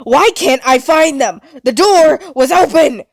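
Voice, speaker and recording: A woman's voice: high voice, animated, normal speed, a little mellow, no echo, voice pushed up. A woman voicing a menacing, playful male tiger animatronic that taunts in a sing-song voice. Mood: taunting.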